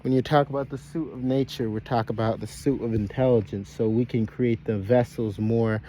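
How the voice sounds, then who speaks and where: A man's voice: mid-range voice, fairly even intonation, a little fast, warm tone, a little hiss or hum. A man giving a loose, rambling preaching monologue to his online followers, repeating phrases, breaking off mid-sentence and calling them brothers and sisters. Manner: calls out to listeners as brothers and sisters. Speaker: online speaker addressing followers.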